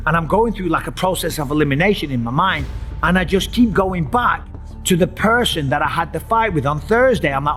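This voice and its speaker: Middle-aged host, vivid storyteller, slightly high voice, acts out the scary parts. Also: male voice, fairly quick, faint music behind. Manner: animated, acts out his own screams and voices. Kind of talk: dramatic personal storytelling.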